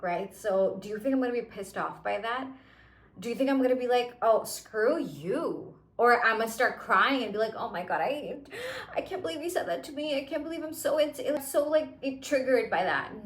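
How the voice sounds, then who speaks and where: A young woman with a fairly high voice talks straight to her viewers in a loose, chatty monologue. She keeps dropping "like" and "you know" as she goes. The room around her rings with a noticeable echo. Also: fairly bright tone. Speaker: manifestation content creator. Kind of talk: casual motivational monologue. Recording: echoey room.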